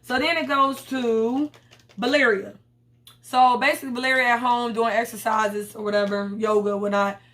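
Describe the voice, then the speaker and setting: A woman talks through a TV episode, casual and unfiltered, with heavy profanity and blunt opinions. Her voice sits a little high, and she acts out the characters as she retells scenes. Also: moderate pace. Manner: blunt, profane, animated storytelling with quoted voices. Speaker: TV recap host.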